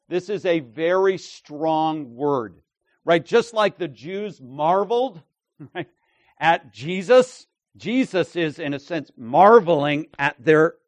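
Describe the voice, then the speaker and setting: A man preaching at an unhurried pace in a slightly high voice. He is emphatic, asks his listeners "right?" as he goes, and acts out the lines he quotes. The sound is dry and close. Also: dry recording. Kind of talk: expository sermon.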